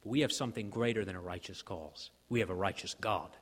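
A man preaching a sermon, emphatic, rising in force on key lines and dropping low for quoted voices. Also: quick pace, a bit bright. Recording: hall reverb.

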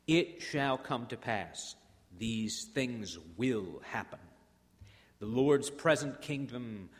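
Preaching man in a reverberant hall. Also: mid-range voice. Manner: emphatic preaching, swinging between hushed and rousing; repetitive rhetorical build-ups. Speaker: pastor. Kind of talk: sermon.

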